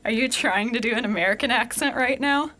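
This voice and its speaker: A woman's voice: on the high side, a little fast, pushed and bright. A woman co-hosting a podcast in casual chat, giggly and teasing. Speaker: podcast co-host.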